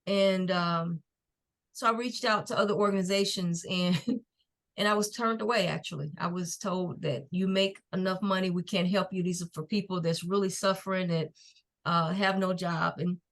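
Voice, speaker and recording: A middle-aged woman, a podcast guest and nonprofit founder, telling her personal story in an earnest, faith-filled and unhurried way. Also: fairly low pitch, fairly even intonation. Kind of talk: personal testimony in a podcast interview.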